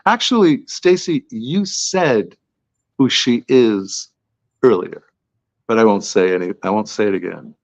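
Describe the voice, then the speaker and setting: A fairly low-pitched man answers podcast interview questions as an author, keeping a measured pace. His talk is chatty, digressive and self-deprecating; the sound is dry and lo-fi.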